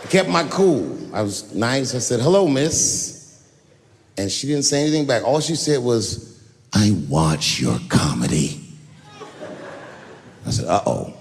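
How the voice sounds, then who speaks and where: Male stand-up comic, middle pitch, very animated delivery, echoing theater with faint ambience. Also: moderate pace, creaky. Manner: conversational storytelling, acting out other voices. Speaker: stand-up comedian. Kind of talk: stand-up comedy set. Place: theater stage. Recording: live show in a large hall, faint ambience.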